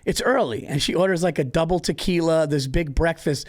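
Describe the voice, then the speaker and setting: A man hosting a comedy podcast, telling stories with lively acted-out quotes. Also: on the high side, brisk. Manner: animated storytelling, acts out quotes. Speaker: podcast host. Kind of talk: casual comedy podcast chat.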